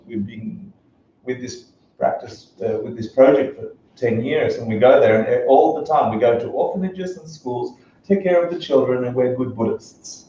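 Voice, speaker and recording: A man's voice: mid-range voice, far from the mic. Joking male teacher in an echoey room. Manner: joking and animated, laughs often. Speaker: Buddhism teacher. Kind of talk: casual classroom teaching. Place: classroom. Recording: echoey dull room recording from afar.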